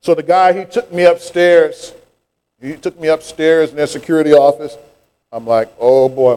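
A man's voice: on the high side, little pitch movement, moderate pace, dark tone, clear, resonant tone. A middle-aged man, preaching a sermon and telling a childhood story with rising fervor. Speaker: pastor.

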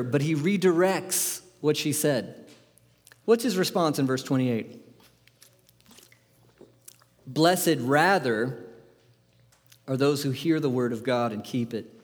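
A man preaching a sermon, firing rhetorical questions at the congregation in an animated, emphatic way. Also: on the high side, long reverb tail. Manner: asks the audience many questions, animated and emphatic. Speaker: pastor.

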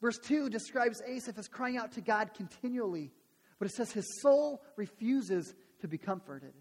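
Man, pastor, earnest sermon, high husky voice, long hall reverb. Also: lively intonation, moderate pace, darkish tone. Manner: earnest, prays and preaches with many restarts.

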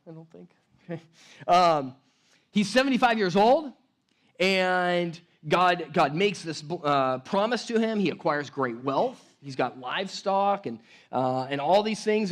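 A man preaching a sermon as pastor, talking casually with many restarts and tag questions like "right?", and building energy as he teaches. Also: a little high. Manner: conversational, rambling with restarts and "like, right?".

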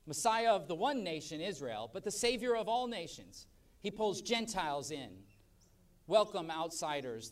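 Pastor guy preaching, fairly high voice, goes loud then quiet, mic kinda far off. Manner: emphatic preaching, swells loud then drops soft. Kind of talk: sermon. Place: church service.

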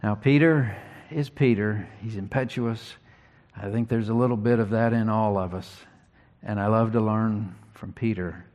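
A man preaching an expository sermon, teaching earnestly and reading scripture slowly with emphasis. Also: lowish voice, muffled recording.

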